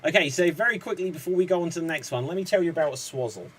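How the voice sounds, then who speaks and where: A man's voice: on the high side, very fast, a bit bright, husky, low-quality recording. A man hosting an online improv comedy show, chatty and rambling.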